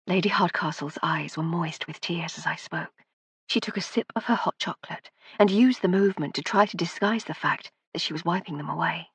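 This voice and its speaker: A woman reading a first-person story aloud, in measured audiobook narration on a close studio mic. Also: on the low side, fairly bright tone, breathy edge, no room sound.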